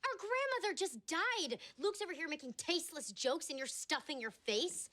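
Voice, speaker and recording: A woman's voice: extremely high pitch, expressive, moderate pace, heavily acted. An actress playing an exasperated young woman who scolds her siblings in a sitcom scene. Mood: indignant. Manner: indignant, sharp rebukes.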